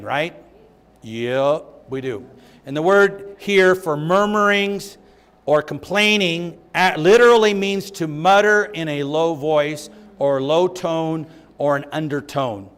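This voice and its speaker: A man's voice: a little high, fairly bright tone, smooth. Emphatic man teaching a Bible study. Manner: emphatic, repeats key phrases. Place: church.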